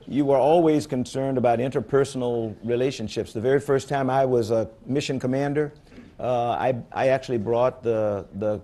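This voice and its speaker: A man's voice: mid-range voice, steady tone, normal speed, mellow. An older man answering audience questions at a public forum, candid and blunt, telling stories with frequent restarts. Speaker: space agency head speaking at a public forum. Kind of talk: conversational Q&A answers. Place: conference room before an audience.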